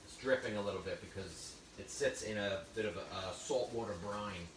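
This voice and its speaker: A man's voice: fairly low pitch, moderate pace, background noise. A man giving a live cooking demonstration, chatty and enthusiastic with frequent exclamations. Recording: roomy, distant mic with faint ambience.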